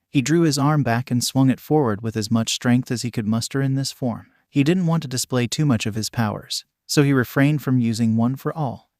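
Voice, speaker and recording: A man narrates a fanfiction story in an even, matter-of-fact read. His voice sits at a middle pitch. The recording is dry and close, with no room sound. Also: no room sound. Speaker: fanfiction reader. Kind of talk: scripted narration.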